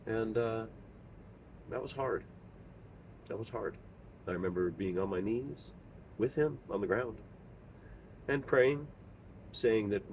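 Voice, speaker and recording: A middle-aged man telling a personal story as a father, halting and earnest, with many pauses and fillers. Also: lowish voice, lo-fi sound, a little hiss or hum. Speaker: father sharing his story. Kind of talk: personal monologue.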